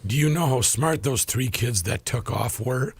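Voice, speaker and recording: Wisecracking male co-host, very raspy gravelly voice, lively swings. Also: medium pitch, moderate pace, no echo. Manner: wisecracking, animated. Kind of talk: casual studio banter.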